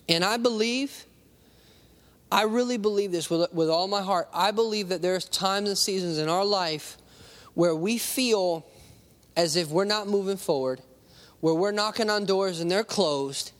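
A man's voice: high voice, a bit bright. A male pastor preaching a conversational sermon, acting out little voices and talking straight to the congregation. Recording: long hall reverb.

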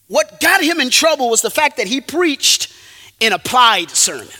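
High, lively preacher in an echoing hall. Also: male voice, moderate pace. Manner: emphatic, rises and drops sharply for effect. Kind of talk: sermon.

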